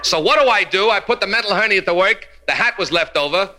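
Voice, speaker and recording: Performing stand-up before a live club audience, a man with a high-sitting, pushed and bright voice speaks quickly with lively intonation, brashly teasing the crowd and landing Yiddish punchlines.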